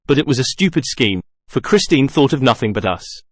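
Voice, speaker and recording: Male narrator reading a novel, dramatic, with a lively pitch and a dry, close sound. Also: a little fast, no echo. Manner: dramatic, expressive. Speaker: audiobook reader.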